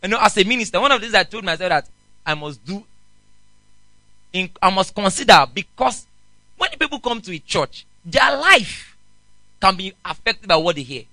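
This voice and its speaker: A man, a pastor preaching a sermon in an animated way and often asking the congregation questions. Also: sits high, normal speed, long pauses, dry recording, poor audio.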